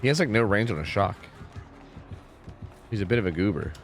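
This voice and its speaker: A man's voice: lowish voice, expressive, a little fast, faint music behind. A man streaming a video game, giving casual commentary with exasperated, joking, rambling asides to his chat.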